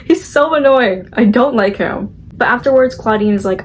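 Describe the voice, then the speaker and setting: A young woman talks through a movie plot in a loose, chatty vlog voice. She fills her sentences with "like" and sprinkles in her opinions. Now and then she drops into quick impressions of the characters. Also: on the high side, a little hiss or hum. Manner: chatty, full of "like" fillers, opinionated. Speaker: movie recap vlogger. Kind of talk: casual movie recap.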